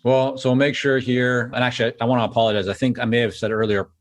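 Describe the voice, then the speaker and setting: A man with a Canadian accent hosting a podcast interview, quick, friendly and joking. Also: medium pitch, flat delivery. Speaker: podcast host.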